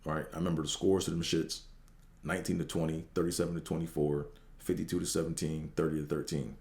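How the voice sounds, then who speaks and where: Deep-voiced man telling a rambling story. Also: flat delivery, quick pace, darkish tone, roomy sound. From Washington DC area. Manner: rambling, profane, with many fillers and restarts. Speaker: podcast host. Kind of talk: casual storytelling monologue.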